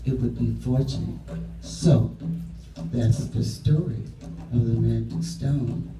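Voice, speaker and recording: A man telling a story live to children, lively and drawing them in with call-and-response. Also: mid-range voice, takes it slowly. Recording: echoey room from far off, music behind.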